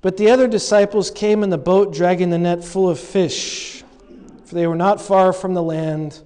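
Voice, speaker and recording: A man's voice: sits high, moderate pace. Man preaching in an echoey hall. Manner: animated storytelling, acts out quoted lines with humor. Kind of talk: sermon.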